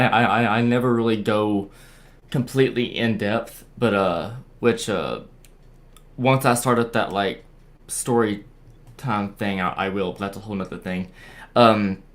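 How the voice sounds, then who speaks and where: A young man telling a ghost story in casual chat, halting and repeating words as he restarts his sentences. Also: on the low side, fairly bright tone. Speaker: guest sharing a paranormal experience. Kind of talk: casual storytelling on a video call.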